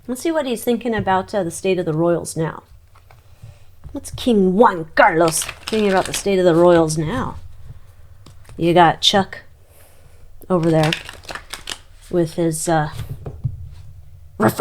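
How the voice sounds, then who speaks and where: A woman's voice: lowish voice, a little mellow, a little hiss or hum. A woman giving a casual psychic tarot reading, chatty and exclamatory, talking to her cards as she turns them. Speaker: tarot reader.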